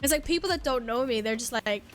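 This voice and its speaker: Fast-talking with a voice on the high side and lively intonation, a young woman plays a game on stream and chats with viewers, joking at her own expense and laughing and swearing casually. Soft music plays in the background.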